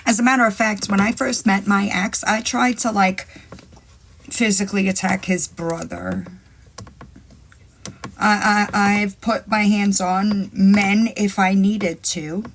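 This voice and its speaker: A woman's voice: mid-range voice, steady tone, takes it slowly, a little hiss or hum. Woman on a phone live stream, swears a lot, trash talks, rambles at chat. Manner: brash and profane, taunting. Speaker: livestream host.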